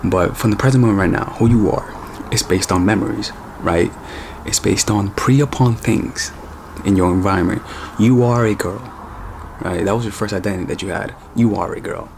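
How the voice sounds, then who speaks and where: A man with a low, gravelly voice talks straight to the camera as a dating coach. He is casual and blunt and calls his viewers "ladies." Steady background noise runs under the whole recording. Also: normal speed. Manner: direct, informal, addresses viewers as ladies. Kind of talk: casual advice monologue. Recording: noisy background.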